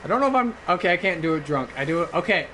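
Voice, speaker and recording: Racing along in an expressive, high-leaning voice, this young man is a drunk gaming streamer making loose, loud small talk during play. He rambles and keeps bursting into singing, and there's slight hiss or hum on the recording.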